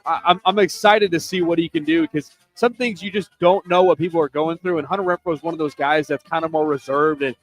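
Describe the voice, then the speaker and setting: A man co-hosting sports radio, telling a sports news story in a steady, earnest way. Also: on the high side, brisk, few pauses, poor audio. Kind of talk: reading sports news segment.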